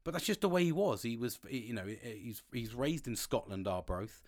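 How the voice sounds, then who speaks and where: A man's voice: medium pitch, big pitch swings, a little fast, a little mellow. A man chatting casually and frankly as a podcast host, rambling with restarts and swearing often. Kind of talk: casual personal chat.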